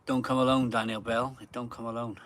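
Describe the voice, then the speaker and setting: A man's voice: mid-range voice, flat delivery, a little fast, noisy background. A man hosting a beer channel live stream in casual chat from his garden, rambling and repeating phrases for emphasis. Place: home garden.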